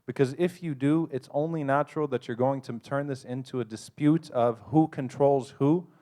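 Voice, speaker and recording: A man with a mid-pitched voice speaks as a panelist. He gives advice in a measured, earnest, counseling tone. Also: a little mellow. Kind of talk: advice talk.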